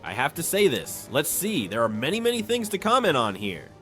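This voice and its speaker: A man with a fairly high voice talks through a chapter recap in a relaxed, chatty way. His pitch swings a lot as he retells scenes and drops in musing asides. Soft music plays quietly underneath. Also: brisk. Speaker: manga chapter recap commentator. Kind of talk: casual spoken recap with opinions.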